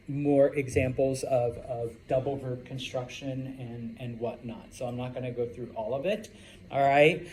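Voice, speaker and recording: A man's voice: medium pitch, darkish tone, slight background noise, poor audio. A man teaching a Spanish class in a classroom, talking casually with many fillers and checking in with "okay?". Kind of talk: classroom lecture.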